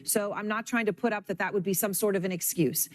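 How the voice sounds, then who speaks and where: A woman anchoring a cable news interview, brisk and measured. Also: mid-range voice, fairly even intonation, a little hiss or hum.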